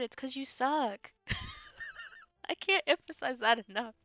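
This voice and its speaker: Bright-voiced woman streaming a game, laughs a lot, kinda sarcastic, dull dry audio w faint music. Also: high-pitched, wildly swooping pitch, slow pace, vocal fry, long pauses, no echo. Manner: laughing often, teasing and sarcastic. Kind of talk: casual gameplay commentary.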